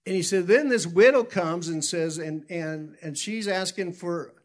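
Man, pastor, sermon, folksy rambling storyteller, self-correcting, a bit high-pitched. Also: moderate pace, hardly any pauses.

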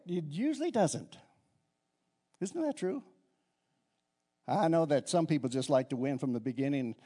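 An older man preaching from the pulpit with a fairly high voice. He is animated and swings between quiet, confiding asides and loud, ringing exclamations. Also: normal speed, pauses often. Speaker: pastor. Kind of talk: sermon.

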